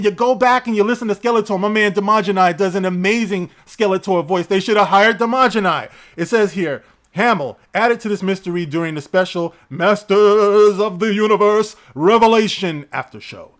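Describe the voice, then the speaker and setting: High-voiced man ranting sarcastically. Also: fairly quick, a bit bright. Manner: sarcastic, profane, laughs often. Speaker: entertainment news vlogger. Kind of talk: ranting commentary.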